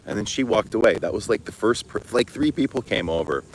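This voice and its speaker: Casting: middle-aged canadian guy, very low voice, loose casual live chat, cusses a lot, faint background noise. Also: fairly quick, poor audio. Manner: swears freely, laughs, animated storytelling. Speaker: fragrance vlogger. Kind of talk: casual livestream chat answering comments.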